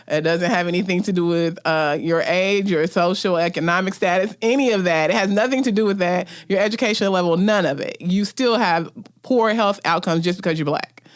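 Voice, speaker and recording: A woman's voice: lowish voice, brisk. Emphatic woman guest on radio. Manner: emphatic, conversational, says "like" often. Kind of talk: radio panel discussion, personal story. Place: radio studio.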